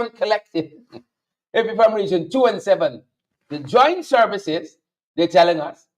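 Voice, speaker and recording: Male host with a Guyanese accent, high and animated, sarcastic political commentary. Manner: sarcastic, mocking, repeats lines for emphasis. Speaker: show host.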